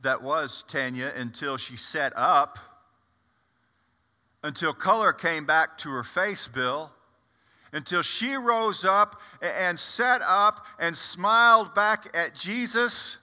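A man performs a heavily acted first-person monologue as the apostle Peter, a blunt, impetuous fisherman, telling his story with chatty, confiding asides to the audience. His voice is fairly high, expressive, bright and forceful, delivered slowly in an echoey hall.

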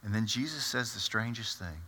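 A man's voice: fairly low pitch, lively intonation, moderate pace, pushed and bright, breathy edge, exaggerated voice. A man performing a first-person monologue as the apostle Peter, a blunt and impetuous fisherman, with chatty, confiding asides to the audience. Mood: storytelling. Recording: echoey hall.

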